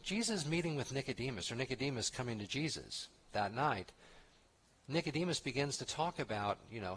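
A pastor preaching from the pulpit with a slightly husky, breathy voice at a middle pitch. He talks in a conversational way, leaning hard on key words and circling back with asides and restarts. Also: expressive, brisk, a bit bright. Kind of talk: expository sermon.

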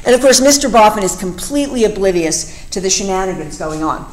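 A woman with a medium-pitched voice and lively intonation hosts a casual literature discussion, talking briskly through a novel. She reads passages aloud and explains them with many fillers, in a rough recording with slight background noise.

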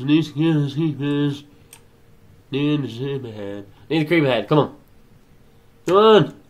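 A young man doing excitable let's play commentary, chattering to himself and swearing often. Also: on the high side. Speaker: gaming channel host.

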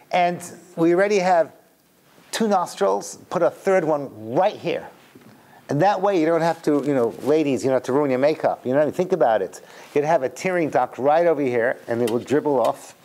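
Animated British rabbi telling stories. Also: male voice, fairly high pitch, normal speed. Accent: British English. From Britain. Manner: animated storyteller, mixes jokes with teaching. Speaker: rabbi and lecturer. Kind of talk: humorous lecture to a live audience.

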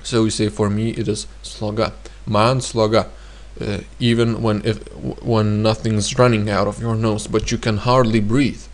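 A man's voice: on the low side, little pitch movement. Man patiently repeating lesson phrases. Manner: repeats phrases slowly, thinks aloud with fillers. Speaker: language teacher. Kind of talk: explanatory language lesson.

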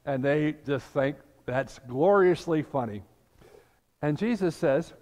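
A man's voice: fairly high pitch, takes it slowly, a little mellow. An older man preaching a sermon as pastor, telling the scripture story and acting out the voices in it. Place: church sanctuary. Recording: long church reverb.

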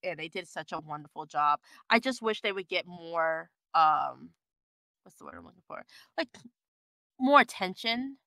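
A woman guest voice actor chatting casually on a podcast, animated and laughing often. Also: fairly low pitch, normal speed, gravelly, no room sound.

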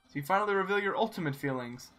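A man's voice: sits high, lively intonation, rapid-fire, a bit bright, faint music behind, voice pushed up. A man reading out the lines of a boastful, goofy male skeleton in a video game, in a grandiose, self-important way. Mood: smug. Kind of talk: reading game dialogue aloud.

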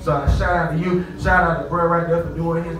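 A man from Columbus, Georgia, with a Southern accent, doing a loud, profane live stand-up set and voicing the people in his stories. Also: on the high side, flat delivery, quick pace, noisy background. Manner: loud, profane storytelling with voiced characters. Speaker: stand-up comedian. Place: nightclub stage. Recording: echoey club from far off.

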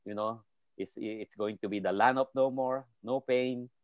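A man's voice: mid-range voice, fairly even intonation, moderate pace, clean tone, no room sound. A man, a guest pastor, preaching encouragement earnestly over a remote call, with fervent emphasis and frequent restarts.

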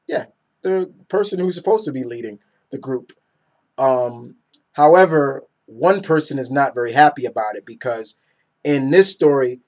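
A man in his thirties runs a casual comic review, rambling with enthusiasm and tripping over names along the way. His voice sits at an ordinary middle pitch.

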